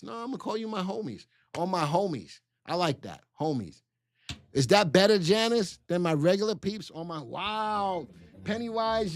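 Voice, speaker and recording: A man hosting a live stock market stream, bantering with chat and spelling out ticker symbols in an excitable, teasing way. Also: a little high.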